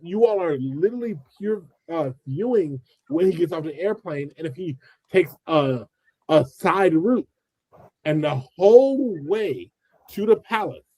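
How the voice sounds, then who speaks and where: Man, commentary host, dark tone, slightly high, dry room, animated, quotes people in voices. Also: no room sound, low-quality recording. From United States. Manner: animated, acts out quoted voices, many restarts. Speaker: channel host. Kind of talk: casual commentary chat.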